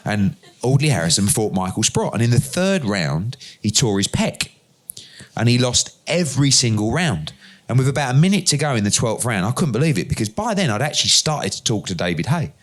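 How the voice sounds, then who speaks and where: A middle-aged man, an interview guest, telling lively anecdotes and acting out the dialogue in them. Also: fairly low pitch, brisk. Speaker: interview guest, boxing promoter. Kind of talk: conversational storytelling.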